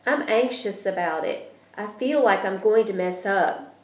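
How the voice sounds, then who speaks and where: A woman's voice: mid-range voice, unhurried, natural voice. Woman reading as an anxious young schoolboy, in a roomy echo. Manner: worried, eager.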